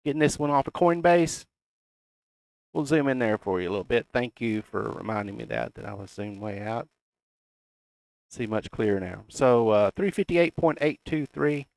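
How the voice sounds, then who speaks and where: Middle-aged Southern man, folksy market commentator, gravelly voice. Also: medium pitch, animated, normal speed, a little mellow, no echo. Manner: folksy, reads price levels aloud. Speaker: crypto chart analyst. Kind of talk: casual chart commentary.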